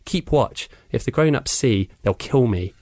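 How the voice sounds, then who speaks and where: A man's voice: medium pitch, expressive, a little slow, darkish tone, no room sound. A man reading aloud, voicing a cocky boy who mocks his friends as cowards.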